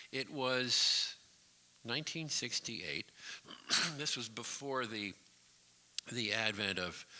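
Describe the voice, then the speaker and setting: A man in his sixties, a variety show storyteller, recounts a comic tale from his college radio days on stage at a community hall. His voice is fairly low with a sharp edge, and he uses dry timing and mock announcer voices.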